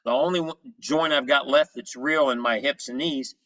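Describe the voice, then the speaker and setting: A man giving an energetic health presentation, telling his story in short punchy phrases. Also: mid-range voice, normal speed, muffled recording.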